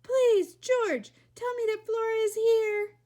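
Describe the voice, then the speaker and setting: A woman's voice: steady tone, slow pace, mellow, a little hiss or hum. A woman voicing a frantic mother crying out for her family in a storybook reading. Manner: shrill, panicked cries.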